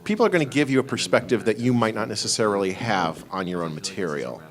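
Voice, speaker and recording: Low-voiced stammering man on a panel. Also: lively intonation, fast talker. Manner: thoughtful, stammering restarts. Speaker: convention panelist. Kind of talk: casual panel Q&A advice.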